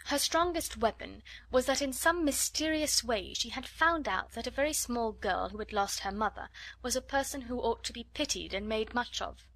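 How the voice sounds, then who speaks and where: A woman narrating a classic storybook in an expressive, measured reading. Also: on the high side, dry recording.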